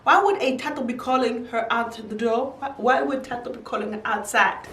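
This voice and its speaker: Animated young woman telling a story. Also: a little fast, distant mic. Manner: animated storyteller, jumps high when quoting. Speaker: YouTuber. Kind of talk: casual storytime. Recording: roomy echo, a little off-mic.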